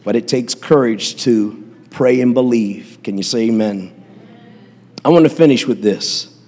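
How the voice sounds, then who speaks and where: A man's voice: medium pitch, unhurried, a little mellow, in a large hall. A man preaching a sermon as pastor, impassioned, with call-and-response asides to his congregation.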